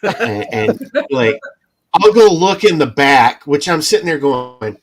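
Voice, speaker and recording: A man's voice: fairly high pitch, lively intonation, unhurried, breathy edge. A laid-back man, a podcast co-host, chatting casually, laughing often and swearing. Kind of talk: casual chat.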